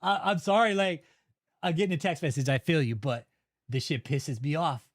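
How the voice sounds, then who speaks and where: A man's voice: fairly high pitch, normal speed. A man hosting a livestream, reacting to court papers in an angry, profane rant. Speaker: channel host.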